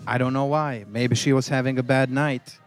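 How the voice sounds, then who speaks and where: A man's voice: mid-range voice, steady tone, moderate pace. A man in a restaurant chatting about tacos and reading a review aloud in an earnest, storytelling way. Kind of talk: casual food-review chat. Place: taco restaurant with music playing.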